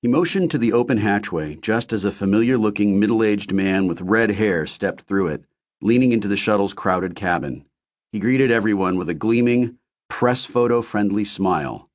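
A man narrating a novel in a measured first-person storytelling voice. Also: lowish voice. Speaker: audiobook narrator. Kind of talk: scripted narration.

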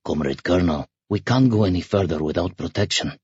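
A man's voice: sits low, a little fast, darkish tone, slightly rough, no echo, dull audio. A man voicing a timid, nervous male helmsman in an audiobook, apologetic and whining. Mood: anxious.

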